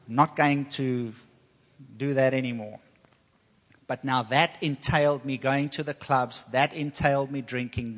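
Long reverb from a hall trails after this pastor's mid-range, slightly bright voice. He preaches earnestly and personally, sharing testimony and repeating himself for emphasis.

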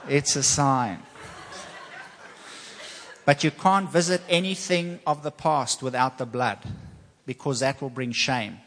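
A pastor preaches a sermon in a steady, medium-pitched voice with a fairly bright tone, speaking at a normal speed. His earnest, personal testimony circles back on itself for emphasis, and long hall reverb surrounds the recording.

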